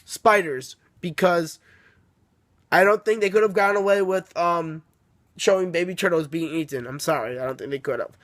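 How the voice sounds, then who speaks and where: High-voiced young man rambling a recap. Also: moderate pace, a bit bright, dry recording. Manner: rambling, swears and apologizes often, laughs. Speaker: book reviewer. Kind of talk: casual rambling book recap. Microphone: phone camera.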